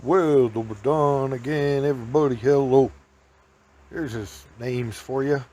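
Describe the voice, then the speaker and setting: A man's voice: medium pitch, fairly even intonation, unhurried, warm tone, a little hiss or hum. A man hosting a podcast, telling folksy, rambling stories in a casual chat with chuckles. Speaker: podcast host. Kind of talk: casual storytelling.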